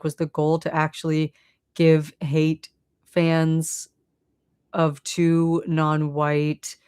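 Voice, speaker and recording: A woman with a Boston accent chatting casually on a live stream, reading and answering chat with lots of fillers. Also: sits low. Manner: chatty, many fillers, laughs often.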